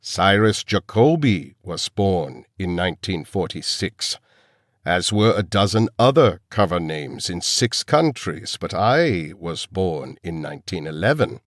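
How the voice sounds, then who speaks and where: A man's voice: sits low, no echo, studio quality. Man putting on a cold old villain doctor. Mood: menacing. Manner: calm, menacing, slow. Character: cold elderly male villain scientist.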